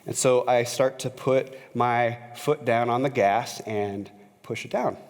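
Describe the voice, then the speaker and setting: A man's voice: mid-range voice, a little slow. Male pastor, conversational storytelling sermon, lots of "uh" fillers, long church-hall reverb. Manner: conversational, frequent "uh" fillers, grows animated when retelling a story. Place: church sanctuary.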